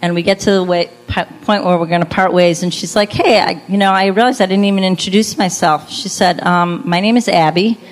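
A woman's voice: on the low side, steady tone, brisk, few pauses, rough recording. Woman telling her testimony over mains hum. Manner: storytelling with acted-out quotes and light laughs. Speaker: speaker giving a testimony. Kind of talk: personal testimony talk.

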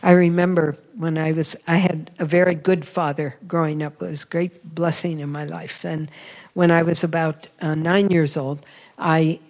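A woman's voice: deep voice, flat delivery, normal speed, darkish tone, poor audio. A woman giving a spiritual talk in an earnest, intimate storytelling manner, now and then dropping to a whisper for emphasis. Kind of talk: sermon-style personal storytelling.

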